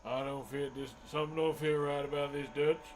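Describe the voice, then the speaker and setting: A man doing a slow, drawling voice of a gruff, rough-talking cowboy outlaw. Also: on the high side, level tone, heavy background noise, lightly acted.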